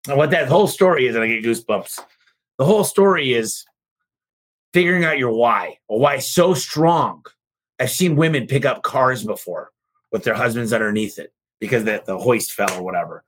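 A man's voice: normal speed, breathy edge. Guy hosting a business podcast, gets all worked up telling stories, voice jumps way up for quotes. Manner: excitable, jumps high for quoted voices, swears casually. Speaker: podcast host and business owner. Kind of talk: casual motivational talk with stories.

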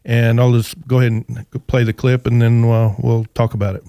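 A male podcast co-host talking earnestly and haltingly, with many fillers, as he sets up a film clip. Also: mid-range voice, flat delivery, gravelly, dark tone. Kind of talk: casual studio chat.

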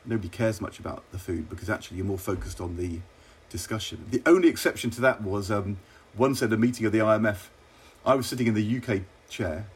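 Man, middle-aged, husky, lowish voice, measured and wry, interview anecdotes. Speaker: former government minister.

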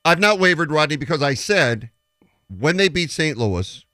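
A man's voice: fairly high pitch, sing-song, normal speed, pushed and bright, no echo, clean studio sound. A man hosting sports talk radio, making emphatic predictions and retelling stories with quoted dialogue.

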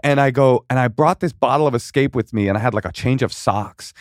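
A man in his forties tells comic stories in a loose, conversational way, switching into quick impressions of other people. His pitch sits in an ordinary middle range. The recording is close and dry with no room sound. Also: no room sound. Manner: animated storyteller who slips into put-on voices. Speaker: comedian and guest. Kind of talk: casual podcast chat.

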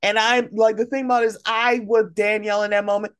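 A woman's voice: mid-range voice, level tone, fast talker, clear, resonant tone. A woman guest on a podcast in casual chat, talking bluntly and emphatically, with plenty of profanity.

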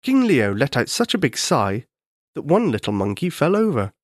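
A man narrating a children's story in a gentle, expressive way. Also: mid-range voice, moderate pace, dry recording, clean studio sound.

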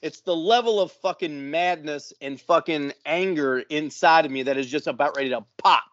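Co-host, male, slightly high voice, swearing his way through a heated anecdote, dull dry recording. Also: normal speed, a bit bright, no room sound. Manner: profane, exasperated storytelling. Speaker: podcast co-host. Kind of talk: casual storytelling. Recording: dull, muffled dry sound.

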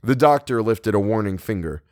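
A man reading a novel aloud as a narrator, measured and expressive. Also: on the low side, no room sound, studio quality. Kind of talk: audiobook reading.

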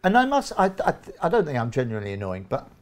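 A man's voice: medium pitch, huge pitch swings, fast. A man in his fifties from England, a guest in an interview, chatting casually and acting out little dialogues with many restarts.

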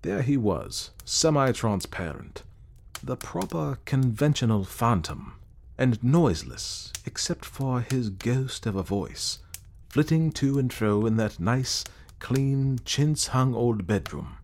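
A man's voice: medium pitch, expressive, slow pace, darkish tone, a little hiss or hum. A man narrating a story in a wry, self-assured manner. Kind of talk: scripted narration.

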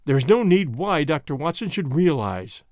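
A bold, guarded gentleman who speaks quickly and eagerly, in a lively voice that rides fairly high, played by a male audiobook narrator. The sound is close and dry. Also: no echo. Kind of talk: audiobook character voice.

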